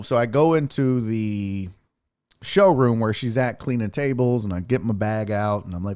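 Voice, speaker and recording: A man's voice: medium pitch, normal speed, darkish tone, dry recording, clean studio sound. A man hosting a sports podcast, telling a story in a casual, profane, mock-outraged way. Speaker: comedian and sports podcast host.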